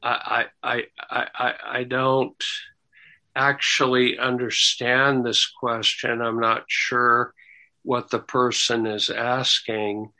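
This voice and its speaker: Slow, halting man teaching the Bible. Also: mid-range voice, little pitch movement, sharp tone, poor audio. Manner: slow, halting delivery with repeated words and apologetic asides; builds to emphatic, rising stresses. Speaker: Bible teacher answering questions. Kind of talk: sermon-style Bible teaching.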